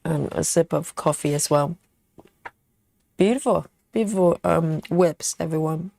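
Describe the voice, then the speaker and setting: A woman's voice: deep voice, a little slow, vocal fry. Chatty woman hosting a stitching stream. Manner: chatty, relaxed, many fillers, eating chocolate while talking. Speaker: cross-stitch livestream host. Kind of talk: casual livestream chat.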